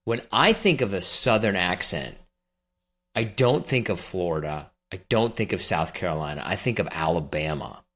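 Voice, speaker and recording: A man's voice: sits low, animated, moderate pace, fairly bright tone. A man hosting an interview, chatting casually and laughing at himself. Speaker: interview host. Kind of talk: casual chat.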